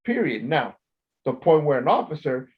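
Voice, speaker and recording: A man tells blunt, profane stories from his time working in a prison, his voice a touch high. The sound is dull and lo-fi. He gets loud and forceful whenever he quotes himself. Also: big pitch swings, moderate pace. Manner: blunt, profane, swings loud when quoting. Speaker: former corrections officer, co-host. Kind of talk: casual podcast storytelling.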